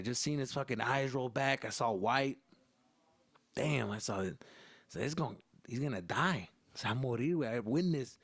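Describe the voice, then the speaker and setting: A man's voice: a little high, no echo, clean studio sound. A young man hosting a podcast, telling stories in casual, profane English with Spanish slang mixed in, acting out the voices of the people in them. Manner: profane, animated, acts out other voices. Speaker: podcast host. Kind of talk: casual storytelling monologue.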